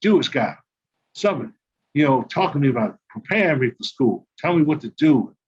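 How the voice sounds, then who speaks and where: A man's voice: a little high, expressive, normal speed, a little mellow, husky. An older man from New Jersey, a former pro basketball player and coach, telling his grievances as a guest in an emphatic, repetitive, aggrieved way. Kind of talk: heated guest monologue. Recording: dull lo-fi call audio.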